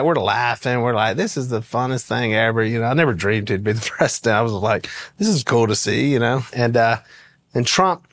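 A man telling a story in a folksy, animated way, with frequent laughs, as a guest in conversation. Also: medium pitch, no echo. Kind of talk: casual storytelling anecdote.

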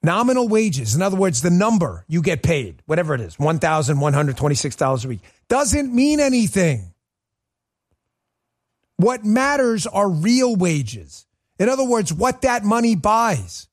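A man's voice: high-pitched, big pitch swings, normal speed. A man hosting a livestreamed political commentary show, ranting in an emphatic, sarcastic way. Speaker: political talk show host.

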